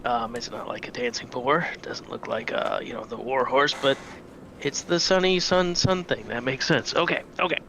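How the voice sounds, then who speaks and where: A man's voice: medium pitch, animated, normal speed, creaky, a bit bright, a little hiss or hum. A man as a muttering puzzled adventurer. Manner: hesitant, muttering.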